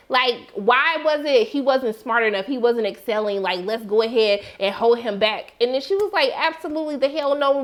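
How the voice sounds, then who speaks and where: Animated high-voiced woman recapping a show. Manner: animated, expressive, swings into high excited exclamations. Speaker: TV recap reviewer. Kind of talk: casual chat.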